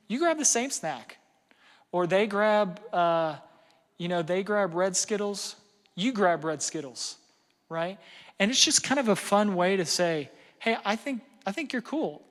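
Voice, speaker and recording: A middle-aged man giving a casual parenting seminar, conversational and self-deprecating, with lots of fillers and "right?" checks. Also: fairly high pitch. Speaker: parenting workshop speaker. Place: large hall before an audience. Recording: long hall reverb.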